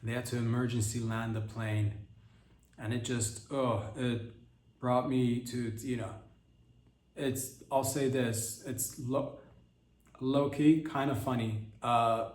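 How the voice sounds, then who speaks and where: A man's voice: medium pitch, steady tone, slow pace, darkish tone. A man hosting a comedy podcast in a rambling, provocative monologue, often cutting himself off and restarting. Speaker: podcast host. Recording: roomy echo.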